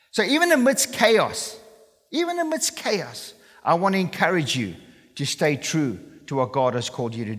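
A male pastor's voice is a little high and fairly bright, with a breathy edge, echoing with long reverb through a large hall. He preaches earnestly and emphatically, frequently checking in by asking "okay?"

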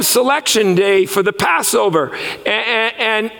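Male preacher, high gravelly voice, impassioned delivery, long hall reverb. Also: a little slow, a bit bright. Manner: impassioned preaching, voice rising and falling widely. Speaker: pastor. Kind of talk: sermon.

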